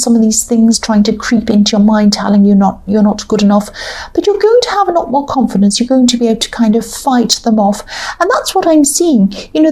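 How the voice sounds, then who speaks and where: Woman, tarot reader, fairly high voice, warm and mellow tone, casual, meandering, lots of ums. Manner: rambling, hesitant with many fillers, thinking aloud. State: has the hiccups. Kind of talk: casual tarot reading to camera.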